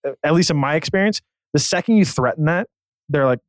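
A man's voice: a little high, lively intonation, brisk, no room sound. A man co-hosting a casual sports podcast, explaining things in a chatty way full of fillers. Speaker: podcast co-host.

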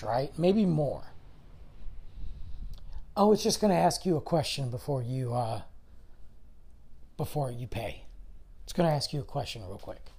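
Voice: medium pitch, darkish tone, breathy edge. A middle-aged podcast host ranting in a solo episode, exasperated and firing off mocking rhetorical questions. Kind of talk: solo opinion rant.

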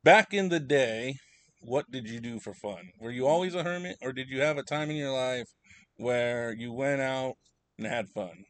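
Man, young adult, podcast host, rambling, swears freely, casual chat, middle-pitched voice. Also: lively intonation, normal speed. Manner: rambling, profane storytelling.

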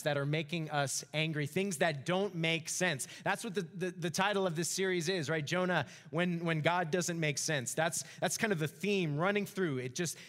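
A man preaching a sermon as pastor, animated, acting out the voices of the story. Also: a little high. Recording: reverberant hall.

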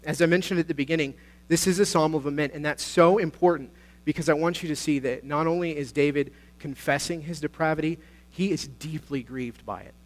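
Earnest man preaching with a lightly high voice. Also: fairly quick. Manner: earnest, exhorting, swings between soft and loud. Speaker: pastor. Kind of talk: sermon.

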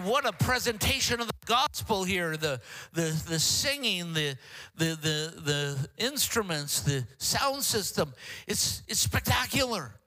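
Older man preaching, high and bright. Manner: jokey, self-deprecating asides; halting restarts. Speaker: guest preacher. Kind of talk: sermon.

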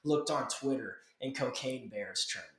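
A man's voice: mid-range voice, moderate pace, a bit bright. A young man hosting a podcast in casual chat, rambling and laid-back, saying "like" and "dude" constantly. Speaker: podcast host. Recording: roomy echo.

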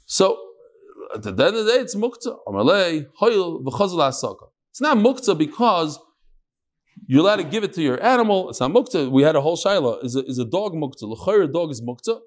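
Man, slightly high voice, Talmud teacher, chatty, joking asides, informal class in a small room. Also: very animated, fairly quick. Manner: chatty, joking asides, mixes in Hebrew and Yiddish terms.

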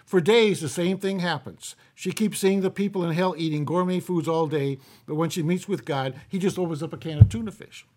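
A man's voice: high-pitched, brisk, few pauses, a little mellow. Folksy man telling jokes. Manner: folksy, chuckling between jokes. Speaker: podcast co-host. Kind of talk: casual joke telling.

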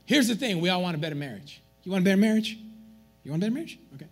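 A man delivers a sermon from the pulpit, his voice pitched high and swinging widely up and down. There is a breathy, husky grain to it, and faint music plays underneath. He teases the congregation as he goes. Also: racing. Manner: animated, joking with the congregation. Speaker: pastor. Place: church.

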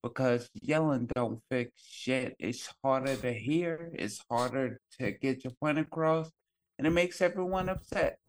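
A man's voice: mid-range voice, unhurried. Laid-back man telling a story with fillers. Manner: loose storytelling with many fillers and profanity. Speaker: podcast co-host. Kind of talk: casual chat.

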